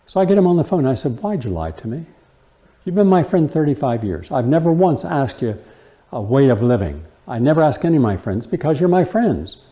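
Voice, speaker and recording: Mellow-voiced man lecturing emphatically. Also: mid-range voice, very animated, fairly quick. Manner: emphatic, rhetorical questions and personal anecdotes. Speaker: host and health lecturer. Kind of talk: lecture to a live audience.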